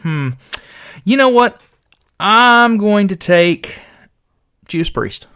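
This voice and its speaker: A man co-hosting a casual podcast who firmly sticks to his picks. His voice sits a little high and moves around a lot. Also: animated, takes it slowly, bright, forceful tone, smooth. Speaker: podcast co-host. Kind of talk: casual chat.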